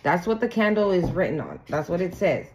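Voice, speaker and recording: A woman's voice: on the low side, sing-song, a little fast, a little mellow, slight background noise. A woman doing a casual spiritual tarot reading, blunt and profane, acting out the people she talks about. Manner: blunt, profane, acts out quoted people in sing-song voices. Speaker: tarot reader.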